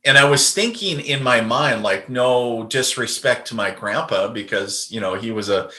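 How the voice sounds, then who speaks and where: Man, podcast guest, bright tone, rambling storytelling, roomy echo. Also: medium pitch, moderate pace. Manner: rambling, many fillers and restarts. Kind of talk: casual storytelling.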